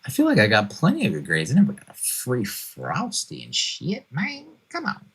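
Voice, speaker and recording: Guy in his 40s ranting about family stuff on his podcast, kinda husky, voice jumps all over. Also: mid-range voice, moderate pace, poor audio. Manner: animated, exasperated, jokey asides. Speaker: podcast host. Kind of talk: casual storytelling monologue.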